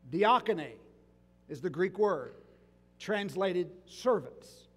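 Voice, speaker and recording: Man, pastor preaching, very high voice, slow deliberate delivery, rhetorical questions, long church reverb. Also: very animated, breathy edge. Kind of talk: sermon.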